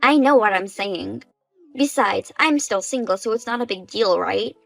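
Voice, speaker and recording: A woman's voice: mid-range voice, normal speed, gravelly, fairly bright tone, soft background music, low-quality recording. Woman voicing a smug, shameless young bride. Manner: smug, unbothered.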